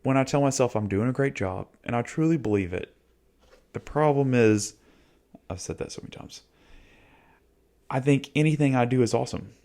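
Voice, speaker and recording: A man's voice: mid-range voice, moderate pace, long pauses, darkish tone. A man in his forties, a YouTube host, talking casually and reflectively in an easygoing, slangy coaching manner.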